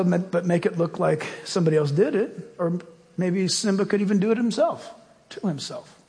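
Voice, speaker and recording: A man's voice: high voice, a little mellow, big-room sound. A man preaching a sermon as pastor, emphatic and full of rhetorical questions, ending in a fervent prayer.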